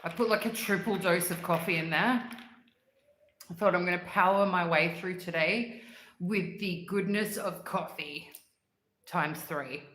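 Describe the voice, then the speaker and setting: Woman livestream host, congested, chatty, slow and lowish voice, roomy echo. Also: fairly bright tone, a little hiss or hum. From Australia. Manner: chatty, gushing about sweets, frequent "like" fillers. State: congested, clearing throat often. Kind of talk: casual chat with live chat viewers.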